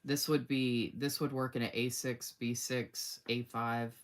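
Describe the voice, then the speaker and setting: An unhurried woman with an extremely low pitch and level tone hosts a live sticker showcase. She reads viewer comments out loud, gushes enthusiastically about planner stickers, and frequently exclaims "oh my gosh" on her casual stream.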